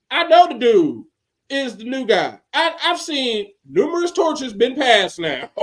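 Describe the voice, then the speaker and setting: A man co-hosting a casual wrestling podcast, talking in an animated, rambling way and restarting his sentences. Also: extremely high pitch. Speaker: podcast co-host.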